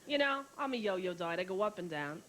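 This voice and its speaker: A woman in her thirties performing a brash, fast-moving stand-up comedy set, acting out other people's lines, with an audience laughing. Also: medium pitch, lively intonation, a bit bright, poor audio. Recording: old VHS tape with hiss.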